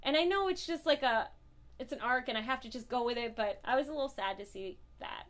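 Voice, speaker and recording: A high-pitched young woman talks straight to camera about comic books. She is blunt and swears freely, gushing over what she loves and raging at what she hates. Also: fairly quick, fairly bright tone. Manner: profane, impassioned and blunt. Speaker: comic book reviewer. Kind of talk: casual review vlog.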